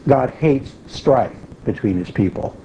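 Mellow-voiced man teaching scripture. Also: mid-range voice, animated, unhurried. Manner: explanatory, repeats key phrases for emphasis. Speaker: Bible teacher. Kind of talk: conversational Bible teaching. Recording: dull lo-fi recording with faint hiss.

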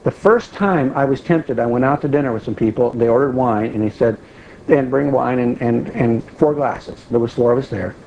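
A man's voice: medium pitch, moderate pace, creaky, darkish tone, dull audio, slight background noise. A middle-aged man teaching an informal sermon to a small group, plain-spoken, repeating key phrases and asking listeners questions.

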